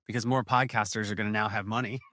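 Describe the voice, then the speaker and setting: Man, podcast host, bright forceful tone, dry close sound, gushing, stumbling over words. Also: fairly low pitch, fairly even intonation, fast talker, no echo. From USA. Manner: enthusiastic, effusive, stumbling restarts. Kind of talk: casual interview chat.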